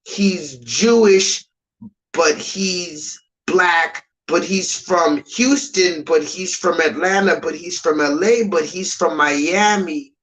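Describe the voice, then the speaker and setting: A man's voice: fairly high pitch, slow pace, a bit bright, poor audio. A man ranting on a live stream, emphatic and repetitive, swearing freely.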